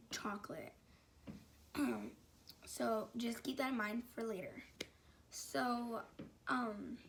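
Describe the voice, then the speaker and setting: A woman's voice: on the high side, fairly bright tone, a little hiss or hum. Rambling young woman telling a story. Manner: rambling, many fillers and restarts. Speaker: vlogger. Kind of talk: casual story time.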